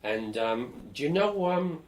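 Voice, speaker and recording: An older man being interviewed for an oral history, telling lively, blunt stories about his student days. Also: on the high side, slow pace. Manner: lively storyteller, animated and blunt, swears casually.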